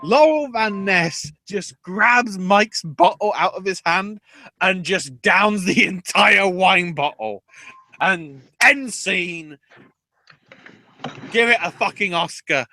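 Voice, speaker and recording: A man hosting a podcast, recapping wrestling in an animated, profane storytelling way. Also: high-pitched, slow pace. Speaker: podcast host.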